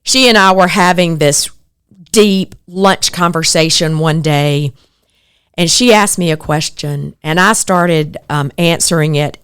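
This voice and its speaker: A woman's voice: deep voice, a little slow, clear, resonant tone. A middle-aged woman hosts a podcast, talking in an earnest, reflective way. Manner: earnest, reflective, animated when quoting others. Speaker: podcast host. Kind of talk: personal podcast monologue.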